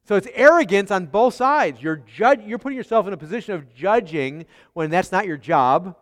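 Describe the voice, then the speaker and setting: Preacher in a reverberant hall. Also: male voice, high-pitched, expressive, moderate pace, few pauses. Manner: asks the congregation rhetorical questions, swings between soft and emphatic. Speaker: pastor. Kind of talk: expository sermon.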